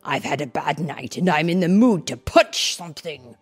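A woman's voice: sits low, lively intonation, moderate pace, faint music behind, pitched below the performer's own voice. A woman doing an angry tough-guy brawler. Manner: gruff, shouting, impatient. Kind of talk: storybook read-aloud voice.

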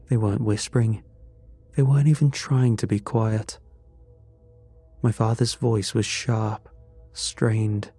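Slow, dark-voiced male storyteller. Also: fairly low pitch. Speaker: narrator. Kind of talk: scripted first-person story narration.

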